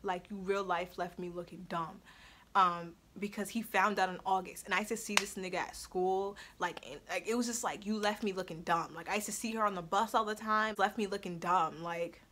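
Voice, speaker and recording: Young woman, bright voice, casual storytime vlog, blunt, swears a lot, laughs often. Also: mid-range voice, fairly even intonation, a little fast, hardly any pauses. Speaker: storytime vlogger.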